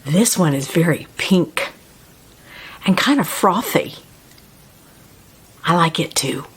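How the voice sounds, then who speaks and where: A woman's voice: lowish voice, lively intonation, takes it slowly, husky. A woman hosting a casual book talk who chats loosely, often laughs and breaks off mid-sentence. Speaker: host. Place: home studio.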